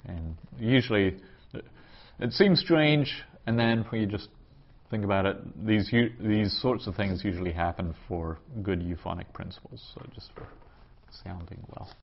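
Guy teaching hebrew grammar to a class, lowish voice, kinda dull lo-fi recording. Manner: explains patiently, sounds out words slowly. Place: classroom around a table.

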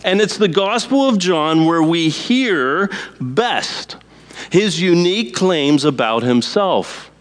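Male pastor preaching, somewhat high voice, slow measured delivery with weighty pauses. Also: lively intonation. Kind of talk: sermon.

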